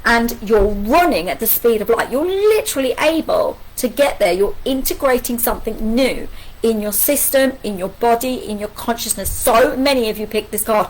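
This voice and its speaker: A middle-aged woman leads a live angel card reading, her voice pitched a little high and rising and falling with lively energy. She keeps firing off rhetorical questions and friendly asides as she talks straight to her viewers. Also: normal speed, poor audio. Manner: animated, repeats rhetorical questions, chatty asides.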